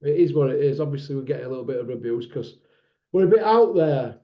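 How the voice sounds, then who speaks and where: A man's voice: mid-range voice, fast, dull audio. A man hosting a casual online boxing chat show, talking in a blunt, outspoken, rambling way. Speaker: boxing channel host.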